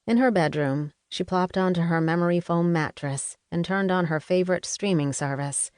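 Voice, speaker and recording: A woman reading an audiobook in measured, unhurried narration close to a studio microphone. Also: fairly low pitch, a little mellow, clear, resonant tone, dry recording. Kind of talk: scripted narration.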